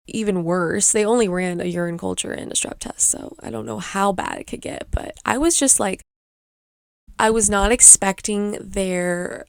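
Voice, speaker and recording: Young mom podcaster rambling away, lots of vocal fry, dry close sound. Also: female voice, medium pitch, dry recording. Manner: rambling, chatty storytelling. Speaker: podcast host. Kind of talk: casual chat.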